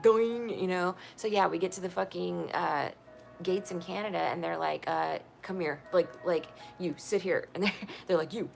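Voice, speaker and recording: A woman's voice: lowish voice, vocal fry. A woman telling her own story in casual talk, candid and profane, often laughing.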